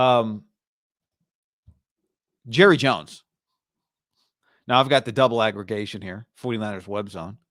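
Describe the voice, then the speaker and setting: A man's voice: fairly low pitch, fairly bright tone, no echo, studio quality. A man hosting a sports talk show, giving casual, emphatic commentary and repeating lines for punch.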